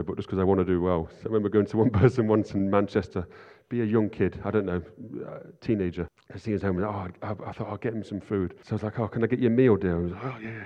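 A man preaching an informal sermon, chatty and self-deprecating, often asking "right?". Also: on the low side. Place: church hall. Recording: lo-fi sound in a reverberant hall.

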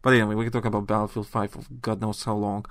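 A man chatting on a gaming podcast, recorded close and dry. He talks in animated bursts and rants, stumbling into restarts as he goes. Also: lowish voice, rapid-fire, no echo. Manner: animated, ranting, trails off into restarts. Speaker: podcast host. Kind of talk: casual chat.

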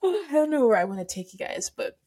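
Her voice sits high, very animated and a little fast, mellow with a slight roughness. She's a teen podcast host chatting solo on a camera filming setup, giggling and gushing, filling her rambling with fillers while close to tears.

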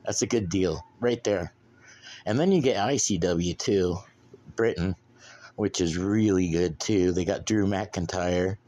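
Solo podcast host, man, low-pitched, profane and laid-back rambler. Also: unhurried, dark tone. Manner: profane, blunt, drinking beer while talking.

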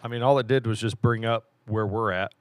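A man's voice: lowish voice, fairly even intonation, brisk, dry recording. Laid-back man co-hosting a podcast. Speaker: podcast co-host. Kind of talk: casual podcast chat. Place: small studio room in a theater.

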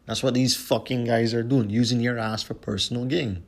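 A man's voice: mid-range voice, fairly even intonation, moderate pace, darkish tone. Profane ranting man. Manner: profane, heated, repetitive ranting. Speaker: podcast host. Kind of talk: solo podcast rant.

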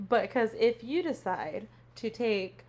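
Animated woman recapping a show. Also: fairly high pitch, extremely slow. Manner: animated, swearing, acting out characters' lines. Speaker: podcast co-host; teacher. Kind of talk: casual chat recapping a show.

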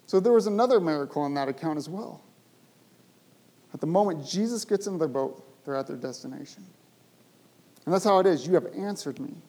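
A male pastor preaching a sermon, speaking with animated emphasis and rising to loud, emphatic bursts. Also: a little high, a little fast, long pauses, poor audio.

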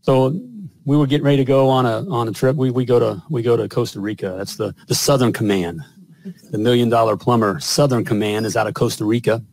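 A man's voice: medium pitch, steady tone, fairly quick, vocal fry, a little mellow, dry recording. A middle-aged man hosting a show, telling a personal story in a rambling way with lots of fillers and chuckles. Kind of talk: casual storytelling.

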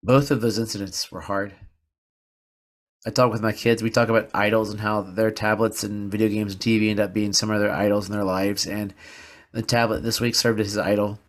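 A man's voice: fairly low pitch, flat delivery, fairly quick. A man hosting a podcast, telling a personal story in an earnest, confessional way and repeating words for emphasis. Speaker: podcast host. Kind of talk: personal reflective podcast monologue.

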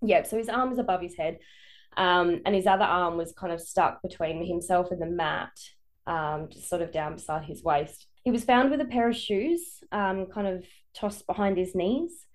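In a relaxed podcast conversation, a Perth, Australia woman presents a case to her co-hosts, hedging her points and laughing readily. She speaks at a moderate pace in a fairly low voice.

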